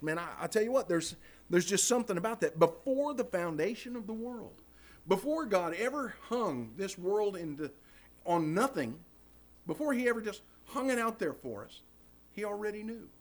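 Man, Baptist preacher, folksy Bible study sermon, animated, somewhat high voice. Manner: folksy, animated, repeats "man, I tell you what".

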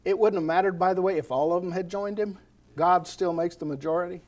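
An American man preaching a sermon, animated and folksy, with storytelling asides. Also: high voice, a little fast. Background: congregation responding.

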